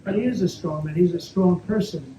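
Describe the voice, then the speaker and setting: In an event hall at a private club, a politician takes audience questions off the cuff, his voice high and fairly quick. He repeats himself, boasts and rambles through many asides. The live recording is echoey and dull, with faint noise.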